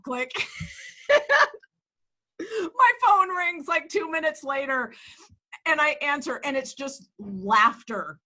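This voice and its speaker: A woman in her forties, a real estate agent and coach, telling stories in a lively, profane, laughing way from her office in a casual interview. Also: very high voice, measured pace, long pauses. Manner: animated, profane, laughing storyteller.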